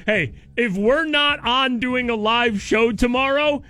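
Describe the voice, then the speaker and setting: A man's voice: very high-pitched, takes it slowly, sharp tone, soft background music. A man hosting a morning radio show, upbeat, reading listener tweets aloud in casual banter on a studio mic. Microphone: studio microphone.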